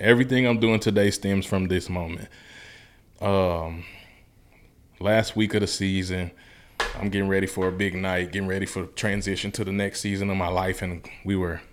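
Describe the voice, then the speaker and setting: Low-voiced man telling a story. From Memphis, Tennessee. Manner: earnest, colloquial, vivid retelling. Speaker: guest. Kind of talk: personal storytelling.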